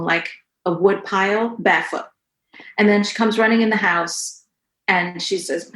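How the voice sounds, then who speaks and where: A woman in her forties, a podcast guest, talking earnestly and with feeling in a casual conversation. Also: lowish voice. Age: 40s. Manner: earnest and emotional, animated storytelling. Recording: roomy echo.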